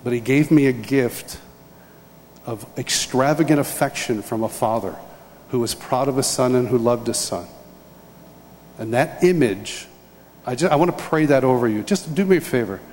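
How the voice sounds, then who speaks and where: A man's voice: medium pitch, moderate pace, slight background noise. A man telling a heartfelt story in a sermon and then leading a prayer, acting out the voices of the people in the story. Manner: animated storytelling, acting out dialogue. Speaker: preacher. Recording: reverberant hall, faint ambience.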